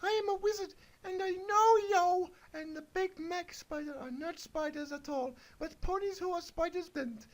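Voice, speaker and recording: A man voicing a female wizard in a shrill falsetto, in a halting sing-song way. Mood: squeaky. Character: high-voiced female wizard.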